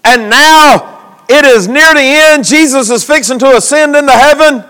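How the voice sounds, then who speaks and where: A man's voice: very high voice, normal speed, sharp tone. A man preaching a sermon as pastor, calling for responses from the congregation in a church. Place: church sanctuary. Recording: long hall reverb.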